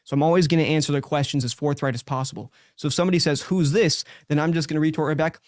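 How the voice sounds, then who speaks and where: A man's voice: a little high, steady tone, very fast, few pauses, darkish tone, no room sound. Upbeat man coaching in a dry, close sound. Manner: direct and talkative, many likes and restarts. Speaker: sales coach and show host. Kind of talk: live coaching feedback.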